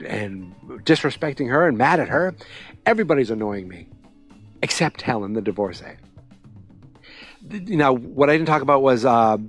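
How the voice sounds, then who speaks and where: Man, podcast host, casual recap, sarcastic, rambling, faint music behind. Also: medium pitch. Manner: chatty, sarcastic, lots of fillers and quoted voices.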